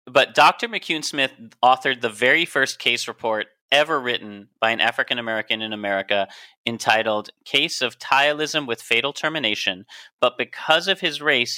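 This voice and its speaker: Playful, bright-voiced man explaining facts. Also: medium pitch. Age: adult, a doctor. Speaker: podcast co-host. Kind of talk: casual podcast chat.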